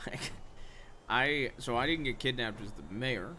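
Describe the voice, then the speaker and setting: A relaxed man talks in character during a role-play game, boasting in a dry, offhand way. His voice is bright and forward, with a faint hiss of noise behind it. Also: mid-range voice, slow pace. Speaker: streamer role-playing a character.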